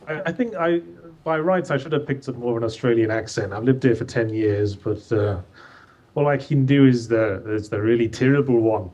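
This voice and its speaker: A man's voice: mid-range voice, normal speed, darkish tone, highs cut off. A man calling in as a guest author, chatting casually with dry, wry humor. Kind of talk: casual chat.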